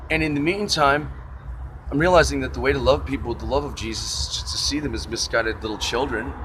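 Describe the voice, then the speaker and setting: A man's voice: mid-range voice, fast talker, noisy background. A man vlogging a casual, rambling rant with a sarcastic, wry manner.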